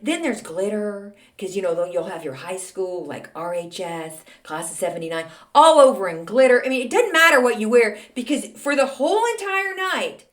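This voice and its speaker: A woman in her sixties from Texas, hosting a podcast with a chatty, self-mocking, ranting monologue. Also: a little high. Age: 60s. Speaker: podcast host. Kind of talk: casual monologue.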